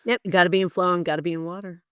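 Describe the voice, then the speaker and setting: A woman's voice: on the low side, fairly even intonation, rapid-fire, a bit bright, clean tone, dry recording. A woman hosts a casual interview, reflects on the topic, and backs up her guest. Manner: supportive, affirming listener. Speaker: podcast host.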